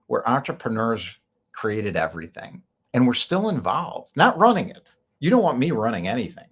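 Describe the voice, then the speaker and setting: A man's voice: mid-range voice, big pitch swings, normal speed, a bit bright, husky. A man hosting a show, talking in a rambling, opinionated way and laughing often. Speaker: host. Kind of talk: casual monologue.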